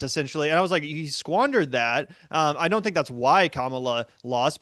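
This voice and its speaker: A man in casual political talk, ranting in a heated, profane, rapid-fire way. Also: a little high, fairly bright tone, no echo.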